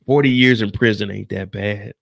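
Man putting on a cocky young dealer, lowish gravelly voice, blunt and boastful. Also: fairly even intonation, moderate pace, dry recording, muffled recording. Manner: boastful, blunt street talk. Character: cocky young male drug dealer dreaming big.

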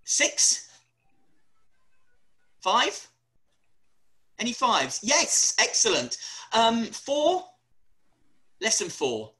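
A man's voice: high voice, bright, forceful tone, rough recording. Chatty man lecturing. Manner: chatty, self-deprecating, stumbles over repeated words. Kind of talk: webinar lecture.

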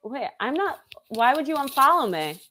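A woman's voice: sits high, very animated, normal speed, pushed and bright. A woman guest on a talk show, casually denying accusations and laughing them off. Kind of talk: casual heated argument.

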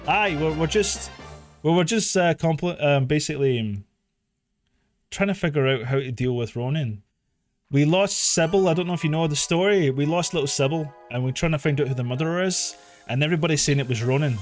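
A man, casually commentating a live game, excitable, swearing and laughing often. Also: a little high, fairly quick, dry recording, soft background music. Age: 30s. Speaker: streamer.

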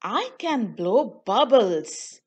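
A woman doing a young storybook teacup boy, sulky and bouncy, high and very slow. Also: big pitch swings, a little mellow, husky, heavily acted. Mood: childlike.

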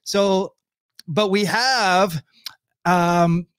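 A man's voice: high voice, extremely slow, a bit bright, clean tone, dry recording, studio quality. A man hosting a livestreamed podcast, chatty and upbeat, laughing often. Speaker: podcast host. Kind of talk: casual chat.

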